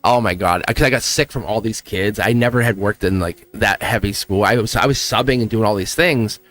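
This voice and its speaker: In a dry, slightly bright recording, the tarot stream host talks a little fast in a fairly low voice. His casual chat is warm and encouraging, with plenty of laughter.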